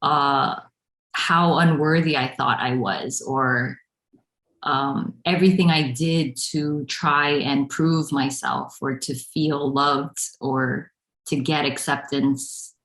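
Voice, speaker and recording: A woman hosting a spiritual meeting, speaking in a gentle, reflective way over a video call. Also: rumbling low, fairly even intonation, takes it slowly. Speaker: non-duality teacher, host. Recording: roomy echo.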